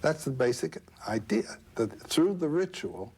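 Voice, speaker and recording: A man retelling an old myth in conversation, halting with fillers and asides. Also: medium pitch, very animated, a little mellow, slightly rough, poor audio. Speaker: guest storyteller.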